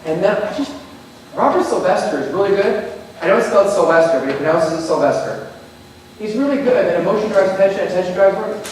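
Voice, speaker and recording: A man giving a lively, joking talk to teachers, acting out little scenes. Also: high voice, fast, a little hiss or hum. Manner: animated, jokey, acts out scenes. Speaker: teacher presenter. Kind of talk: workshop presentation to teachers. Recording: echoey hall from far off.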